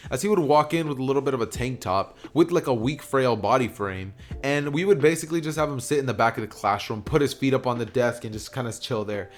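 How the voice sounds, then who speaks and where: Regular guy rambling thru a fan story, lots of uh and you know. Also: medium pitch. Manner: rambling, filler-heavy, self-correcting. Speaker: YouTube storyteller. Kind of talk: casual fan-fiction narration.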